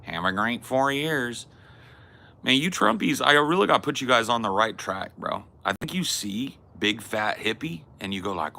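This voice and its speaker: Gravelly, bright-voiced joking man. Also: medium pitch, sing-song, moderate pace. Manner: crude, joking, laid-back slang. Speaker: podcast host. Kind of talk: casual comedy chat.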